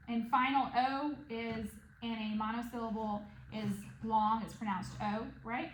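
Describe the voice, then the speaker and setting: A woman teaches a one-on-one reading lesson, her voice sitting a little high. She is patient and checks in with the student at every step. The room is echoey, with noise in the background. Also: steady tone, measured pace, hardly any pauses. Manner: patient, checks in with "okay?" and "right?".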